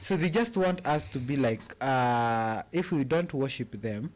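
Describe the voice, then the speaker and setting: A man's voice: medium pitch, lively intonation, unhurried. A man with a Kenyan accent co-hosting a casual live-stream chat, musing and repeating phrases for emphasis while mixing in Swahili. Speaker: co-host.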